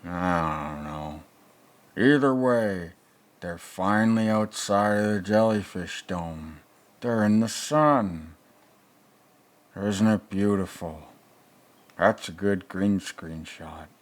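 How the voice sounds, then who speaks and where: A man putting on a crude old movie reviewer who rambles through a film with sarcastic, profane asides. His voice sits very low and he drawls along at an unhurried crawl, as if thinking aloud between scenes. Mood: rambling. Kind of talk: comedic reaction commentary.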